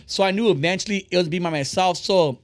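A man hosting a casual podcast, talking fast and bluntly, rambling and swearing freely. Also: high voice, dry recording, clean studio sound. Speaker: podcast host.

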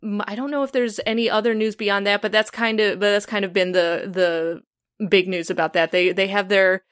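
A woman's voice: mid-range voice, steady tone, moderate pace, a bit bright, clear, resonant tone. A woman hosting a podcast in casual chat, chatty and enthusiastic, often restarting her sentences. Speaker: podcast host.

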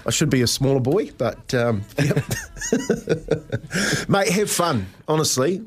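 A man with a New Zealand accent co-hosting a breakfast show. He keeps up a teasing, jokey patter, often breaking into a laugh, at a middling pitch. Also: expressive, normal speed. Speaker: radio breakfast co-host. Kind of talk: casual radio banter.

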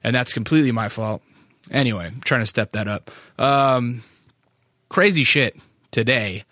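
A man's voice: moderate pace, bright, forceful tone, dry recording, studio quality. Rambling, foul-mouthed podcast host in his thirties. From Alaska, USA. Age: 30s. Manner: profane, rambling storyteller; acts out quoted voices, jumping up high. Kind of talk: casual podcast monologue. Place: recording studio.

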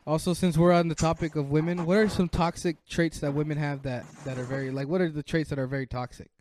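A man's voice: on the high side, fairly even intonation, fast talker, darkish tone, slight background noise. A young man co-hosting a podcast, trading playful, teasing banter with friends in casual chat. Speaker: podcast co-host.

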